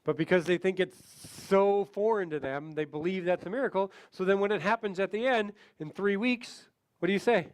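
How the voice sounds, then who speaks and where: A man giving a sales training seminar, animated, acting out short client conversations as he teaches. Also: high-pitched, fairly quick. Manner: animated, acts out client dialogue. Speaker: seminar speaker.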